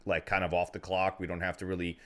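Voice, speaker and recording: Man, podcast co-host, rapid rowdy delivery, swears freely. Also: sits low, completely flat delivery, a bit bright. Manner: fast, rowdy, profane storytelling. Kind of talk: casual podcast banter.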